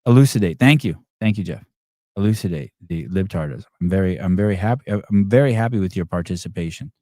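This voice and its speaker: Male podcast host, lowish voice, dry close sound; sarcastic, rambling, swears freely. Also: expressive, quick pace, warm tone, no echo. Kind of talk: live call-in chat.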